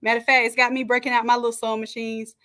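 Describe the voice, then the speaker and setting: A woman hosting a live stream from a home setup, chatting and greeting each viewer warmly by name. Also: a little high, flat delivery, very fast. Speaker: livestream host and design coach. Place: home setup with makeshift camera stand. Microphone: camera on a stand.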